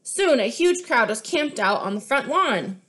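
A young adult woman reading a children's picture book aloud, clear and expressive as she shows the pages. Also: fairly high pitch, measured pace. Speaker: storyteller.

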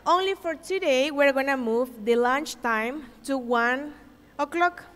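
A woman's voice: high voice, a little slow. A woman organizing a teachers' conference, giving the audience polite schedule instructions. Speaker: event organizer. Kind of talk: announcements. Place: large conference hall. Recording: long reverb of a large hall.

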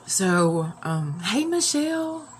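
A woman's voice: medium pitch, sing-song, slow pace, slight background noise. A woman hosting a casual live stream, upset and near tears, rambling with many fillers and restarts.

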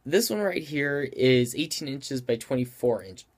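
A man's voice: medium pitch, animated, a little slow. A man hosting a craft tutorial, talking through the steps in a casual, friendly way while he has the hiccups and stops to apologize for them. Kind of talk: casual how-to explanation.

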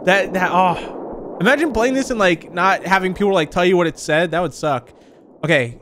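A young man hosting a horror game let's play, excitable and chatty, talking to his viewers and saying dude a lot. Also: sits high, fairly quick, a little hiss or hum. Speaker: gaming channel host.

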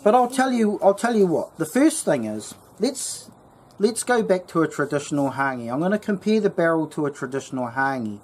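With a fairly high, sing-song voice and a brisk, slightly rough delivery, a New Zealand man hosting a bushcraft channel mixes storytelling with casual instructions. He's chatty and rambling, full of fillers and false starts.

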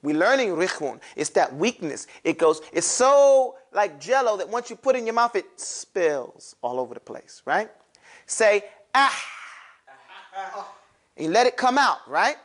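Animated man teaching a class. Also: high voice, measured pace. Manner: animated, drills the class to repeat sounds aloud. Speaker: Quran recitation teacher. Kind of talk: classroom lesson on letter pronunciation.

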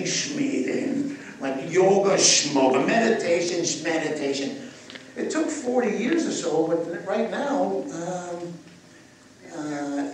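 A man teaching breathwork to a live audience, moving between calm guided instructions and playful, jokey asides. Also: a little high. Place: live festival session. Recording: echoey, distant room recording with noise.

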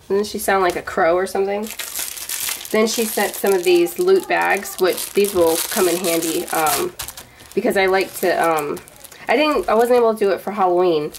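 Woman, 30s, lower-pitched, chatty unboxing vlogger, rambling and gushing; light background hiss. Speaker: vlogger showing a gift box. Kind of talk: casual show-and-tell unboxing.

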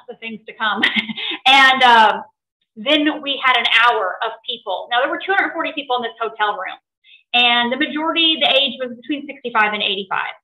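A middle-aged woman telling a personal story to an audience in an animated way, often laughing. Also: fairly high pitch, normal speed, echoey room, low-quality recording. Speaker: presenter.

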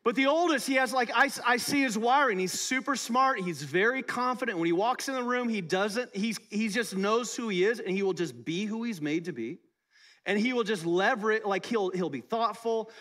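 A middle-aged male pastor with a high, light voice, preaching in a relaxed, conversational way. He jokes with the congregation and keeps asking them questions. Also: normal speed. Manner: conversational, playful, talks to the congregation. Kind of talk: sermon. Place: church service.

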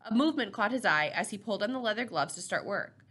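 A woman narrating a novel chapter in a steady, measured reading voice. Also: medium pitch, breathy edge. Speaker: audiobook reader.

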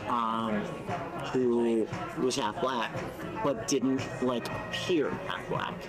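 Man, casual interview, hesitant, lots of fillers, loud background music. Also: medium pitch, fairly even intonation, takes it slowly, poor audio. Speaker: studio employee being interviewed. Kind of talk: casual conversation.

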